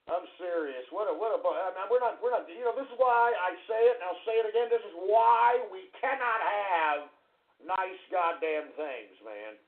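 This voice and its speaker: A man hosting a radio show, ranting loudly and swearing in a strained, hoarse voice. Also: sits high, animated, moderate pace. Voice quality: strained, fading voice. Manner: loud, profane and exasperated. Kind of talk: ranting call-in radio talk. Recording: phone-like lo-fi radio audio.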